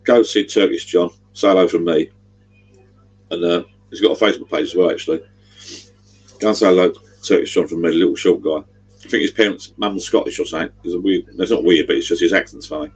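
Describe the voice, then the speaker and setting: A man's voice: sits low, steady tone, fast, husky, muffled recording. A middle-aged man, rambling chattily on a livestream. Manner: rambling, chatty, gives directions. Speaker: livestream host. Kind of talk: casual livestream chat.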